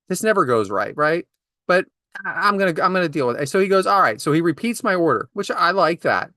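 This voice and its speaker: A man in his forties co-hosts a podcast, ranting in exasperation as he tells comedic anecdotes about everyday annoyances. His high voice is very animated, fairly quick, bright and forceful. The recording is dry with clean studio sound.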